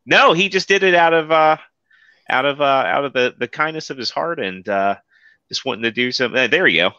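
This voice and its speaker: A man hosting a podcast, chatting casually and rambling with plenty of fillers. His voice is bright and forward, sitting a little low. The audio is dry and dull, like lo-fi call audio. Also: animated, brisk, no room sound. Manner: loose, rambling, many fillers. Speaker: podcast host. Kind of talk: casual chat.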